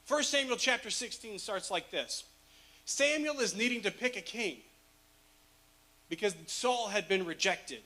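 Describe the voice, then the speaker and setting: A man preaches a sermon in a relaxed, joking storytelling way, laughing as he goes. His voice sits high for a man and has a bright, forward edge. He sounds chatty and easygoing at the pulpit. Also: unhurried. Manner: casual, humorous storytelling with laughs. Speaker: pastor.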